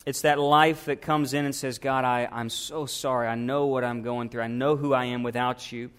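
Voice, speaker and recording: A man's voice: medium pitch, steady tone, moderate pace, clear, resonant tone. A man, a pastor, preaching a sermon and asking his congregation questions.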